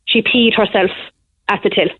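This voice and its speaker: A young woman calling in to a radio show, telling a story in an animated, breathless rush. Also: medium pitch, normal speed, slightly rough, no echo. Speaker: caller. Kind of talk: phone-in call to a radio show. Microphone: phone. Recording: tinny phone line.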